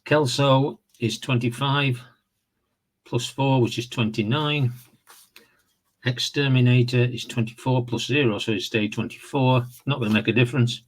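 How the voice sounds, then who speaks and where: A man casually walking through the rules of a horse racing board game, explaining in a relaxed, rambling way with fillers and self-corrections. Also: mid-range voice. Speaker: tabletop game reviewer. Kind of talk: casual tabletop game walkthrough.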